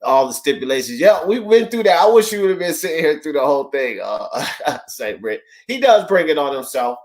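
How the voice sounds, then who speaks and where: A man's voice: on the high side, very animated, brisk, a little mellow. A man hosting a casual sports talk panel, rambling through a summary and calling on his panelists by name. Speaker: host of a sports talk show.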